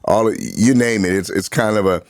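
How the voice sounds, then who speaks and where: A man's voice: on the low side, steady tone, moderate pace, no echo, clean studio sound. A man co-hosting a casual political talk show, telling stories and laughing often. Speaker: co-host.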